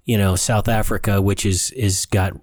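A man co-hosting a casual political talk show, reading listener comments aloud and adding drawn-out, emphatic remarks. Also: on the low side, level tone, a little mellow, dry recording. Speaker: podcast co-host.

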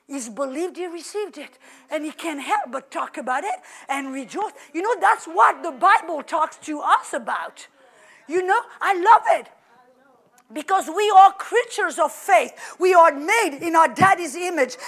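Animated woman preacher, very high voice, exclamatory. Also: normal speed. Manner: animated and exclamatory, many fillers. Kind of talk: sermon.

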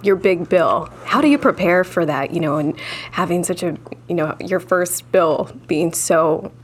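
A woman's voice: lowish voice, measured pace, a little hiss or hum. A woman narrating a news feature and asking conversational interview questions.

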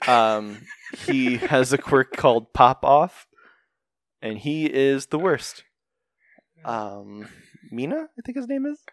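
A man's voice: medium pitch, very animated, slow, long pauses, no room sound. A man casually recapping an anime episode with a co-host, rambling and joking as he goes. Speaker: podcast co-host.

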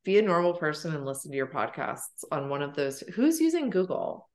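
A woman's voice: sits low, sing-song. A young woman guesting on a podcast, talking in sassy, blunt casual chat from home. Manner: sassy, blunt, quick asides. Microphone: podcast mic at home.

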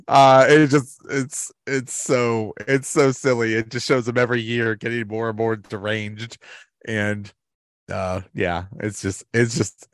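A man at middle pitch talks through sitcom episodes in a loose, rambling way. He restarts his sentences often and chuckles as he goes. The sound is dry and close, with no room echo. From Pittsburgh area, US. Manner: rambling, with many restarts and chuckles, briefly mimicking characters. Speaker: podcast host. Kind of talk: casual recap and ranking of sitcom episodes.

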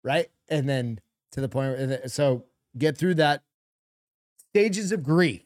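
Middle-aged male co-host, swears freely, lively storyteller, dry close sound. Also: mid-range voice, a little slow, dry recording. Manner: profane, animated storytelling. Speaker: podcast co-host. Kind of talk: casual chat.

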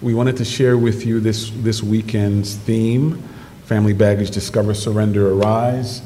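A man preaching a sermon, animated storytelling that jumps into excited quoted voices. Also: on the low side, normal speed. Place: church sanctuary. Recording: distant microphone in a reverberant church hall with noise.

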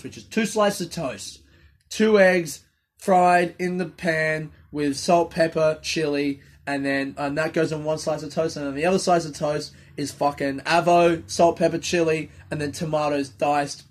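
A young man with a sniffly nose, hosting his own podcast in a rambling, self-deprecating monologue that swears freely. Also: fairly high pitch. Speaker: comedian podcast host. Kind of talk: casual solo podcast monologue.

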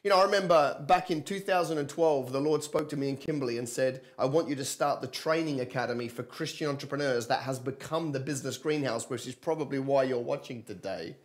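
A man, giving an energetic livestream sermon and calling on viewers to respond. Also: medium pitch, brisk, few pauses. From London and Australia. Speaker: preacher and business coach.

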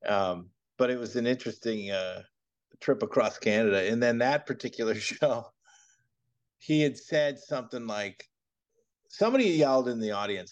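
A comedian guest telling an anecdote on a podcast, laughing and acting out what others said. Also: male voice, fairly low pitch, normal speed, muffled recording. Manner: animated, laughs while telling, acts out quotes. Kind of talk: anecdotal storytelling.

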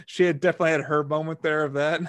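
A man's voice: on the high side, fairly even intonation, fast. A man chatting casually about a film, laughing often and retelling scenes vividly.

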